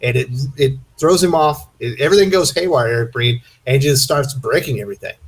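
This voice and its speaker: Male podcast co-host, mid pitch, husky edge, eager and chatty. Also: a little fast, poor audio. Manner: enthusiastic, leads the discussion. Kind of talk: casual comic book discussion.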